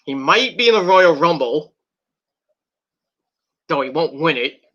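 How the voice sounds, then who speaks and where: A man with a very bright, sharp-edged voice sitting slightly high for a man talks through a wrestling match. He rambles casually, stumbling over restarts and fillers and swearing freely. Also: animated, measured pace, highs cut off. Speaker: wrestling reviewer. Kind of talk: casual recap and commentary.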